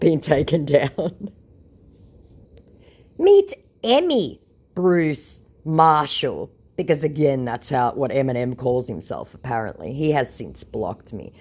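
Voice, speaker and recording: A woman's voice: a bass voice, a little mellow. A woman vlogger reading out chat messages storytime-style, with a sarcastic, mocking manner.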